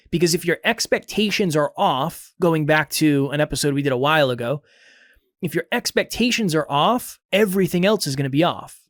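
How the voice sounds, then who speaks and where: A man's voice: fairly high pitch, no echo, clean studio sound. A man hosting a podcast, giving direct, motivational advice in a casual coaching talk with lots of repetition.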